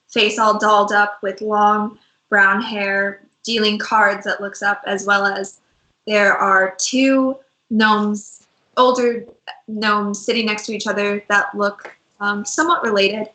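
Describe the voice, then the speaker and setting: Slow, bright-voiced woman game master. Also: mid-range voice, roomy sound, low-quality recording. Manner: unhurried, hesitant descriptions with fillers. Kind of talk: narrating a tabletop game.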